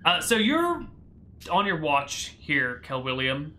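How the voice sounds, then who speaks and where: Bright-voiced male game master. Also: fairly high pitch, huge pitch swings, slight background noise. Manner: narrates scenes slowly and quietly, chatty and quick with players.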